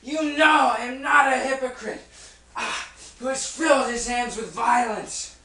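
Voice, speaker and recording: A man as Job in agony, groaning, slow and bright-toned, echoey room, distant mic, faint hiss. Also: very high-pitched, full character voice. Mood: anguished. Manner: anguished, crying out and groaning. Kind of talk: stage play acting.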